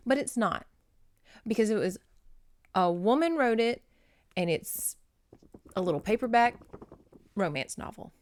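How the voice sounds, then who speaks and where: A woman with a Louisiana Southern accent, hosting her book review channel in a rambling, excitable, chatty monologue, often laughing and talking straight to viewers. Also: mid-range voice, measured pace, pauses often, dry recording, studio quality. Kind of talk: casual chatty monologue to camera.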